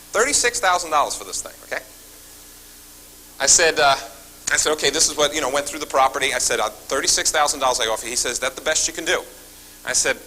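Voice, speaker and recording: A man's voice: a little high, slight background noise, poor audio. A man telling stories at a seminar, acting out his phone calls and turning often to the audience. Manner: animated, acts out phone calls, talks to the audience. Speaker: seminar speaker. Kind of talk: seminar storytelling.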